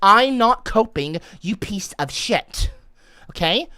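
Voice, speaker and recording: A woman livestreamer ranting for comic effect, profane and bossy, lecturing her chat and breaking into shouted outbursts. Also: mid-range voice, sing-song, normal speed, no room sound, clean studio sound. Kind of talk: comedic livestream rant.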